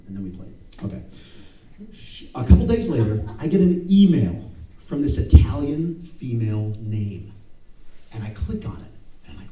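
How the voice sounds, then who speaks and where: A man tells a self-mocking story on a club stage, acting out each line of dialogue. His pitch swings widely and his tone is mellow and relaxed. The sound is roomy and picked up from some distance. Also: normal speed, slight background noise. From United States. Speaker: spoken word performer. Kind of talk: live storytelling monologue. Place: club stage before an audience.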